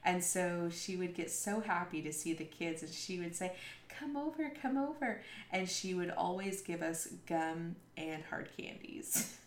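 A woman with a lower voice tells candid stories in a casual chat, laughing as she goes. She is frank and playfully crude. The room has a noticeable echo. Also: level tone, unhurried, few pauses, a little hiss or hum. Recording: roomy echo.

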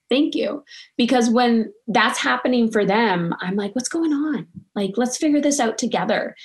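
A middle-aged woman chatting in a relaxed, reflective way, her sentences looping through fillers as she thinks aloud. Her voice sits at an ordinary pitch for a woman. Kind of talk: casual conversation.

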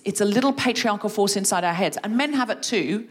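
A woman guest leading a playful creativity game for a live audience, encouraging and animated. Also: medium pitch, fairly quick, few pauses. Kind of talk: live comedy podcast workshop. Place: stage before a live audience.

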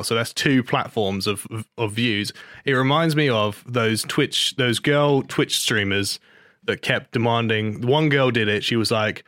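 A man's voice: medium pitch, fairly bright tone, dry recording, studio quality. Sweary ranting man. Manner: outraged, sweary, sarcastic rant. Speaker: podcast host. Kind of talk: ranting casual podcast talk.

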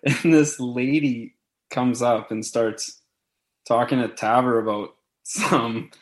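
A man's voice: medium pitch, fairly even intonation, takes it slowly. Laid-back young Canadian man. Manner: laid-back, rambling with many fillers. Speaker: podcast co-host. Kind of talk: casual storytelling chat.

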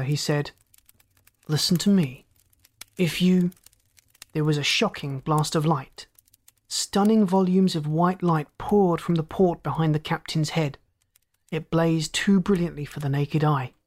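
A man reading a science fiction story aloud in a steady, measured narration that rises in pitch for characters' lines. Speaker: audiobook narrator.

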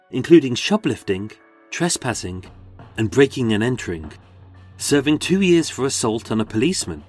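A man with a Birmingham accent narrating a true-crime walking tour as its host, sardonic and sweary, with dramatic pauses. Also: mid-range voice. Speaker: podcast host and tour guide.

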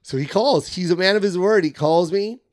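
Middle-aged male comic, lively storyteller who slips into voices, slightly high voice. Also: normal speed. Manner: acts out other people's voices, loud and high when imitating. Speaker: comedian guest. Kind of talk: animated storytelling.

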